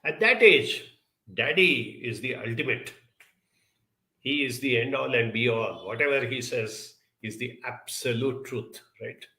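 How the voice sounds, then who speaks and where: A man with a gravelly, bright voice talks earnestly as a program guest. He tells a childhood story and poses rhetorical questions in a reflective way. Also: mid-range voice, expressive, measured pace. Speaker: guest speaker.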